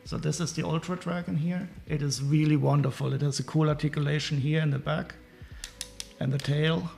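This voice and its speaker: A man with a German accent, chatting casually on a live stream while building Lego, halting and apologetic with many restarts. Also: a little high, fairly even intonation, creaky, a little mellow, faint music behind.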